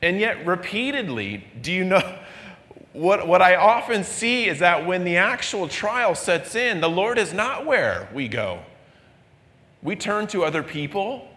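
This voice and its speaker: A man preaching a midweek sermon, earnest and conversational, acting out quoted voices with a rising pitch. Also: lively intonation, measured pace, sharp tone, in a large hall. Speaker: pastor.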